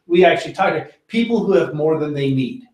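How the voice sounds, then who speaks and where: A man's voice: fairly high pitch, lively intonation, quick pace, a little mellow, roomy sound, poor audio. A man leading an informal Bible study, talking in a loose conversational way with lots of fillers and restarts. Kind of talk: informal Bible teaching with discussion.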